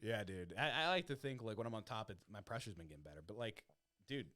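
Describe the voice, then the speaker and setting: A man's voice: on the low side, expressive, fast talker, a bit bright. A young adult man hosting a podcast, chatting casually and animatedly, swearing freely. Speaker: podcast host. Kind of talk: casual chat.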